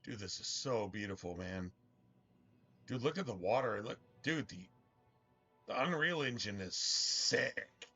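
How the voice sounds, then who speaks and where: A man's voice: on the low side, lively intonation, unhurried, pauses often, pushed and bright, slightly rough, highs cut off, faint music behind. A man streaming a game, talking in a rambling, slangy, profane way. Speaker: gaming streamer. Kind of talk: casual gameplay commentary.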